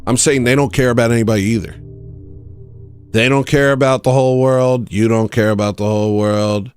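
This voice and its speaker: A man's voice: mid-range voice, fairly even intonation, fairly quick, clean tone, faint music behind. A man hosting a livestream, rambling through a comedic monologue that jumps between tangents and laughs at his own jokes. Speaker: livestream host.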